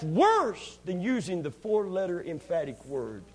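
A man preaching a sermon, acting out scenes as he goes and swinging between loud, excited bursts and hushed, low passages. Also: measured pace, breathy edge.

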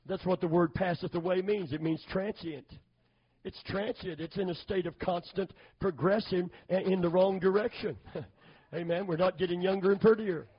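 A middle-aged man preaching a sermon, calling for amens and building to loud, fervent emphasis. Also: high voice, fairly even intonation, normal speed, husky. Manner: call-and-response, asking for amens. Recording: dull lo-fi sermon recording.

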